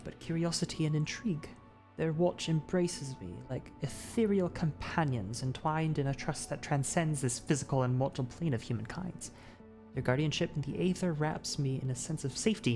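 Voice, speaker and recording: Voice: mid-range voice, moderate pace, darkish tone, soft background music, natural voice. A streamer voicing a mysterious note-writer in a put-on accent, reading solemn lore aloud with awe. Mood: solemn, awed. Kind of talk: dramatic reading of own lore.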